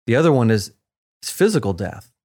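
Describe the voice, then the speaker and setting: Male co-host, mid-pitched, emphatic and playful explainer of scripture. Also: brisk. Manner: lively, emphatic, playful asides. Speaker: co-host of a Bible teaching show. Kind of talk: conversational Bible discussion.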